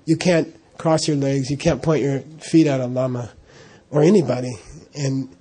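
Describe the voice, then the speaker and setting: A man's voice: mid-range voice, steady tone, moderate pace, warm tone, breathy edge. A middle-aged man casually telling an anecdote, laughing often and acting out the dialogue. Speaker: storyteller recalling monastery life.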